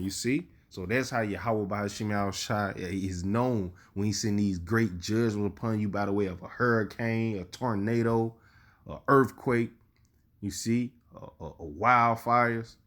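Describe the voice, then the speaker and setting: A male preacher giving a sermon, reading scripture slowly and with emphasis, and often adding "you see". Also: fairly low pitch, fairly bright tone.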